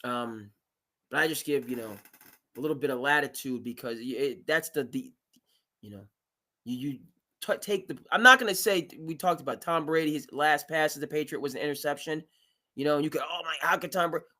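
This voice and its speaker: A man's voice: fairly high pitch, fairly quick. A man hosting a live sports talk show, chatting casually and rambling with lots of fillers. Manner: rambling, filler-heavy, animated.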